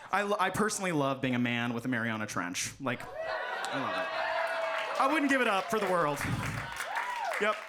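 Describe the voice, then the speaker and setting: A man performing a stand-up comedy set, loud and animated, often bursting into shouts. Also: medium pitch, normal speed, long pauses, over a noisy crowd, heavy background noise. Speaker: stand-up comic.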